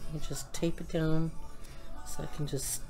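A woman's voice: low-pitched, flat delivery, normal speed, soft background music, poor audio. A woman chatting casually as she works at her craft desk at home, thinking aloud as she goes. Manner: hums and sings softly to herself.

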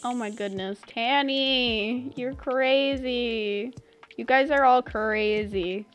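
A woman's voice: on the high side, takes it slowly. A young woman streaming a game live, effusively and dramatically thanking her viewers with lots of exclamations.

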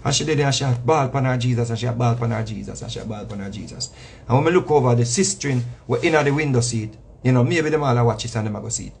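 A man's voice: medium pitch, very fast, creaky, a little mellow, slightly rough. A man with a Jamaican accent, a reggae artist, talking in a casual monologue that repeats itself for emphasis. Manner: preachy, repetitive, emphatic with slang asides.

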